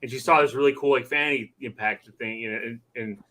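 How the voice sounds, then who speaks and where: Bright-voiced, swearing podcast dad. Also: male voice, medium pitch, brisk. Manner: profane, animated storytelling about his kids. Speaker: podcast co-host. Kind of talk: casual chat.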